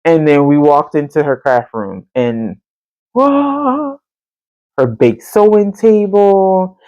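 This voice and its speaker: Lively woman telling a story. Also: slow, dry recording, muffled recording. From Central Texas. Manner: animated, jumps into high-pitched voices for quoted speech; colloquial and chatty, addresses listeners as y'all. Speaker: podcast host. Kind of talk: casual storytelling chat.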